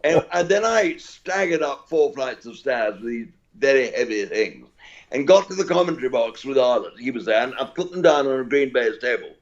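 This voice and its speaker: A man's voice: mid-range voice, lively intonation, moderate pace. An older man with an English accent, a cricket commentator telling rambling, chuckling anecdotes as an interview guest. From England. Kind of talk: anecdotal storytelling. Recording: dull lo-fi audio.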